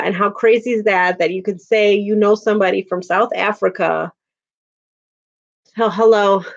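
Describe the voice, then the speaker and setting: Chatty woman on a lo-fi stream. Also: mid-range voice. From Chicago area, USA. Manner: chatty, laughs often, talks to chat viewers. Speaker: livestream host. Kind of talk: casual livestream chat. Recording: dull lo-fi home stream audio.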